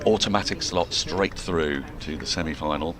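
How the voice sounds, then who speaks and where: Commentating live on cricket from an outdoor ground, a man with a rumbling low voice speaks at a moderate pace. He jokes and plays around as he calls the action in an animated way, while a crowd and open-air noise sit behind his voice.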